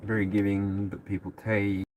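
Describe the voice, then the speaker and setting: A man's voice: lowish voice, level tone, normal speed, a little mellow, a little hiss or hum. Chatty man doing a live tarot reading. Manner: chatty, laughs often, rambling. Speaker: tarot reader. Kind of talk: casual live-stream chat.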